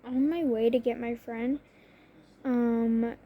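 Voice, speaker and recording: A woman's voice: fairly high pitch, steady tone, slow pace, phone-quality sound, slight background noise. Rambling young woman vlogging, light voice. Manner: rambling, self-interrupting, frequent "like" fillers. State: coughing. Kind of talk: personal confessional talk.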